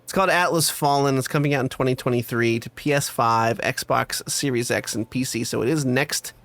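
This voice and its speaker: A man's voice: medium pitch, brisk, a bit bright. A man co-hosting a casual podcast chat, joking and rambling with frequent fillers. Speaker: podcast co-host.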